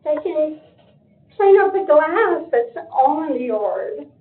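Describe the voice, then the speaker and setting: A woman's voice: high voice, very animated, slow. An older woman giving an emotional public comment at a county meeting, pleading with her voice breaking. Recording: echoey room, phone-like meeting audio.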